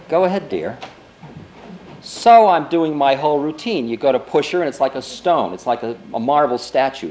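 A man's voice: medium pitch, darkish tone, poor audio. A man in his forties, a spiritual teacher giving a lecture, telling a story in a loose, conversational way full of "you know" and "I mean". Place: lecture before an audience.

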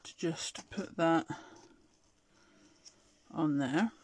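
A woman's voice: deep voice, extremely slow, slight background noise. A middle-aged woman with an English accent, hosting a live crafting demonstration and chatting to viewers while she works. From Scotland. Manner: chatty, answers viewer comments while working. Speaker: craft show host.

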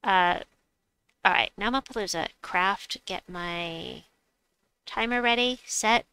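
A woman's voice: mid-range voice, slow pace, bright, forceful tone, smooth. A woman hosting a casual gaming livestream, chatty and playful, reading chat aloud and making silly noises. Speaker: livestream host.

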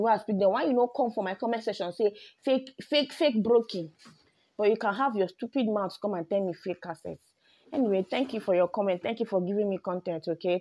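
A woman's voice: mid-range voice, warm tone, husky. A young Nigerian woman vlogging to camera, mixing English with Pidgin and often saying "you know". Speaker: YouTuber. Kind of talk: ranting vlog to camera.

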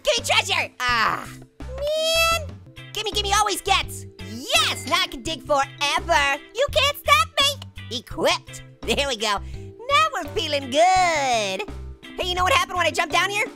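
A man voicing a hyper, wisecracking male talking orange, giggly and squeaky, making puns and teasing while playing a video game. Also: measured pace, loud music behind the voice, exaggerated voice. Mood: playful. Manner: excitable, teasing, bursts into shouts. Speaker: gaming channel host character. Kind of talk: let's play commentary.

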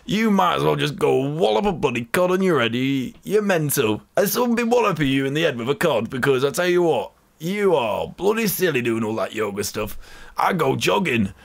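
A man faking a blustering scientist, scoffing, pitched up high, gritty, sneering. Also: big pitch swings, normal speed, creaky. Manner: scoffing, mocking rant. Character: cynical blustering male scientist, scoffing and brash.

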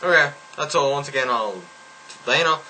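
Young man, casual vlog talk, mumbling, deadpan, bright voice. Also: normal speed, slight background noise, rough recording. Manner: low-key, mumbling, deadpan asides. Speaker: vlogger, regular of a group channel.

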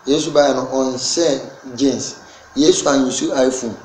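A man speaking as an interview guest at an ordinary pitch. He pushes his points hard, his voice climbing and getting louder. The room is echoey, with a faint noise underneath. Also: steady tone, unhurried. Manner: emphatic, rising and loud when making points. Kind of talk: casual interview in Twi.

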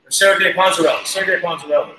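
A man guest on an interview, telling casual, animated stories with laughs and cursing. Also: high-pitched, quick pace. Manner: animated, laughing, swears freely. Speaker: guest musician. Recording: roomy echo, faint noise.

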